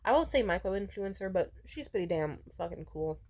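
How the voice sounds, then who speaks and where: A young woman vlogging a candid personal update, rambling with lots of fillers and swearing, jumping from loud outbursts to hushed asides. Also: mid-range voice, expressive, normal speed. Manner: swings between loud outbursts and hushed, near-whispered asides.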